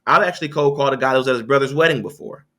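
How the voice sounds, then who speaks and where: Animated bright-voiced man coaching on sales. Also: very fast. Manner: animated, lively pitch swings, frequent restarts. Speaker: guest, sales coach and author. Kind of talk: conversational interview, coaching.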